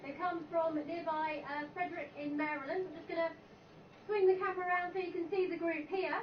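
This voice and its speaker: A woman reporting on location for a TV news broadcast, interviewing people in a brisk, upbeat way. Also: very high voice, fairly even intonation, distant mic, a little hiss or hum. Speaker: field reporter. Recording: TV audio played in an echoey room, heard from afar, dull.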